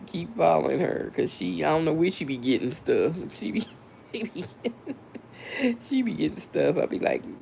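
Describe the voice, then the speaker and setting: A woman's voice: sits low, expressive, normal speed, vocal fry, warm tone, slight background noise. A woman hosting a casual livestream, chatting and gossiping with viewers and laughing often. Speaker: livestream host. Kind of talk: casual chat.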